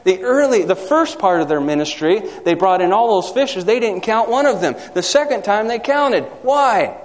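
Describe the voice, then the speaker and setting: A man's voice: high-pitched, expressive, moderate pace. A man preaching a sermon, asking the congregation questions and reading scripture aloud. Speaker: pastor. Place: church. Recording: church hall with long reverb.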